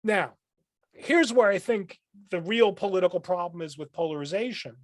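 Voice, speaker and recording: A man, a philosophy professor, explaining ideas as a guest on a podcast in a thoughtful, lecturing way, often pausing with "um" and restarting his phrases. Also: high voice, lively intonation, no room sound, clean studio sound. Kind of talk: podcast interview.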